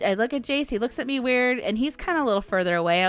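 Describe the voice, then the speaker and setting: A woman hosting a podcast, telling stories in a chatty, animated way and laughing often. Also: a little high, quick pace, hardly any pauses, clear, resonant tone, faint music behind. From United States. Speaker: podcast host. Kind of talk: casual storytelling monologue.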